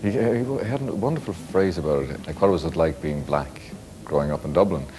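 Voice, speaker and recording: Very deep-voiced man telling an anecdote. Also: lively intonation, brisk, music in the background. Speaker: interviewee. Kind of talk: documentary interview.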